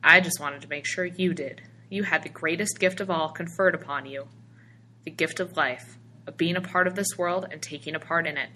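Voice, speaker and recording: A calm, mysterious stranger speaks slowly and measuredly in a storybook reading, voiced by a woman narrator. Her voice is low and bright. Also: slight background noise. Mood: solemn. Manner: slow, measured.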